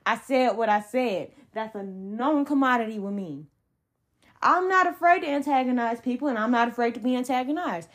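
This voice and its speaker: A woman's voice: on the high side, moderate pace, a bit bright. A young adult woman hosting a solo sports podcast, ranting in a heated, emphatic way with blunt slang. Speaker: podcast host.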